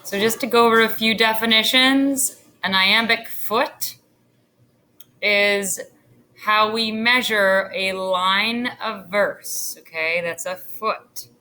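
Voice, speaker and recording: Slow, bright-voiced woman teacher. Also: medium pitch, steady tone, slight background noise. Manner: slow, deliberate teacherly delivery with fillers. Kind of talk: recorded classroom lesson. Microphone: computer screen recording.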